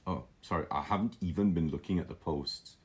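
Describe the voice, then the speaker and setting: A man's voice: deep voice, brisk, husky. A man teaching calligraphy on a live stream, musing aloud with enthusiasm, often restarting his sentences. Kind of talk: live-streamed lesson, casual commentary.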